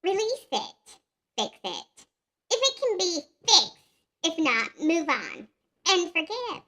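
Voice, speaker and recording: A woman reading comments aloud through a voice changer, making her voice a squeaky, mocking high pitch. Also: sing-song, takes it slowly, sharp tone, exaggerated voice. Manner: mocking, sing-song. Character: squeaky high filtered comic voice, female adult. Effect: voice changer pitch shift.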